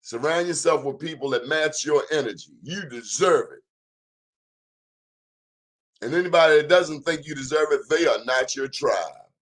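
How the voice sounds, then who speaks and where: A man's voice: on the high side, lively intonation, moderate pace, long pauses, a bit bright. A man hosting his own talk show, giving an emphatic, preachy monologue in a folksy, plain-spoken way. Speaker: show host.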